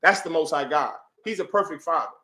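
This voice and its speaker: A man pushes his religious class with rhetorical question after rhetorical question, calling on audience members for answers. He speaks briskly in a fairly high, bright, forceful voice, in an echoey room.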